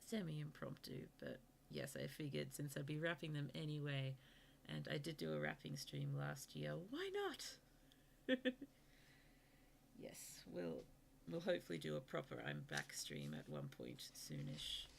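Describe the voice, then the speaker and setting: Sleepy low-voiced woman, gravelly and soft. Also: very animated, a little slow, a little hiss or hum. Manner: soft, sleepy, self-mocking, often half-whispered. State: sleepy and yawning. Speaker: streamer. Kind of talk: casual late-night stream chat while gift wrapping.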